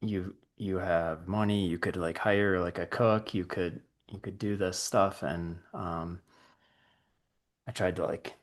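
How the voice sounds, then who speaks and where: A man hosting a casual interview, relaxed and reassuring. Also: sits low, slow. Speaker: podcast host. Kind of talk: casual conversation.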